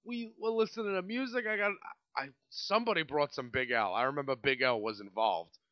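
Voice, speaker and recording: New York guy in his late 20s, podcast host, fairly high, animated, swears freely, dry lo-fi mic. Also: a little fast, no room sound. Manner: animated, profane, rambling. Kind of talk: casual storytelling monologue.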